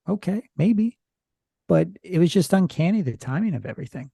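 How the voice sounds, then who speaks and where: Gravelly, husky man telling a story. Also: fairly high pitch, expressive, fairly quick, dark tone, no echo, clean studio sound. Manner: rambling, hesitant retelling from notes. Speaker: podcast guest. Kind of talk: casual storytelling chat.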